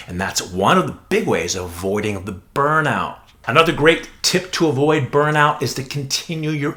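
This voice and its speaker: A middle-aged man, a hot yoga teacher trainer, giving an instructional talk with energetic, emphatic delivery and shifting inflection. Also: mid-range voice.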